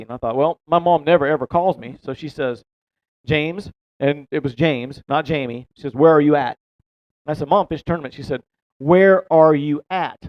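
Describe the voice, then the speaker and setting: A man's voice: a little high, no room sound. A man telling a long fishing story in a casual, rambling way, laughing and swearing as he goes. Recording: dull, dry close-mic sound.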